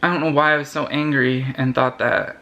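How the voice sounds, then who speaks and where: A young man vlogger telling a personal story to camera in an earnest, halting way, often restarting his sentences. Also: medium pitch, fairly even intonation, highs cut off.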